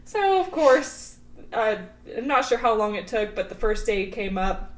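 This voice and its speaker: A woman co-hosting a podcast, telling family stories in a casual, animated way and laughing often. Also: medium pitch, moderate pace, roomy sound, poor audio. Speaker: podcast co-host. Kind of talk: casual storytelling.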